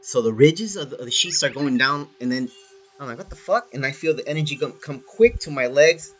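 A man's voice: mid-range voice, brisk. A man telling a story in casual chat, swearing freely and saying "dude" all the time. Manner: swears a lot, animated, says "dude" often.

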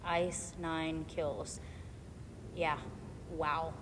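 A woman co-hosting a relaxed conversation, excitable and quick to giggle. Her voice rings with a long reverb, and steady background noise sits clearly behind her. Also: low-pitched. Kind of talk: casual chat.

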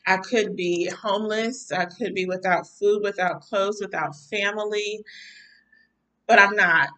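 A woman minister preaches a devotional talk to her listeners, piling up fervent, repeated phrases of praise. Her voice has a bright, forceful edge, though it carries a tired, worn-down weariness. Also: mid-range voice, steady tone, a little slow, recorded from a distance, low-quality recording. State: mentally weary, tired-sounding voice. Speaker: minister and podcast host. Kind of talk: devotional talk to a live audience.

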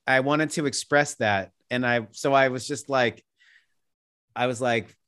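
A man talking as an interview guest in a casual podcast conversation, telling rambling anecdotes full of tangents, laughing as he goes and acting out other people's lines in a higher voice. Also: fairly even intonation, a little slow, a bit bright, clean tone. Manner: rambling storyteller who drifts into tangents; acts out quoted people with jumps in pitch.

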